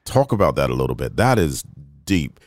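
A man's voice: a bass voice, very animated, a little fast, no room sound, studio quality. A male talk show host interviewing a guest, emphatic and given to exclamations of affirmation. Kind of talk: conversational interview.

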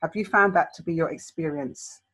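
This woman hosts a podcast in a husky, slightly breathy voice. She talks in a rambling, chatty way and laughs readily. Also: low-pitched, normal speed, a bit bright, low-quality recording. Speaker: podcast host. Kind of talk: casual interview chat.

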